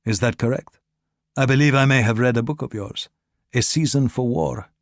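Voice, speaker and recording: A man's voice: mid-range voice, normal speed, no echo, studio quality, natural voice. A man reading as an obsequious, educated agent. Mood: persuasive. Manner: smooth, persuasive, questioning. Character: obsequious educated male agent, Eastern European note.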